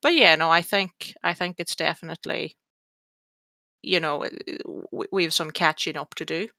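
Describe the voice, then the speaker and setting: Woman, early 30s, gravelly voice, bright tone, rambly self-mocking podcast chat. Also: sits low, steady tone, moderate pace, no room sound. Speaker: podcast host. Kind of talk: casual chat.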